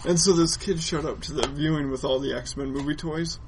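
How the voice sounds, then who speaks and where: A man's voice: fairly high pitch, steady tone, fairly quick, noisy background. Profane, laughing man on a podcast. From Irish heritage in the US. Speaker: podcast co-host. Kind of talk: casual comic-book podcast chat.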